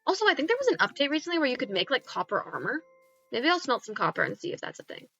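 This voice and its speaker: A young woman chatters through a live game stream with a bright, keen edge to her fairly high voice. Her talk is excitable and self-mocking, with a gravelly fry that keeps creeping in. Soft music plays quietly behind her. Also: rapid-fire, muffled recording. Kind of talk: casual live-stream chatter while gaming.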